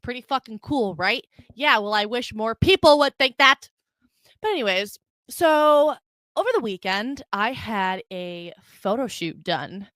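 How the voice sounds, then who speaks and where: Brash young woman host, fairly high and very bright voice, dry close sound, swearing freely. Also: no echo. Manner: brash, profane and unfiltered. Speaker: podcast host. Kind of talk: casual solo podcast rambling. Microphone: desk mic on a video stream.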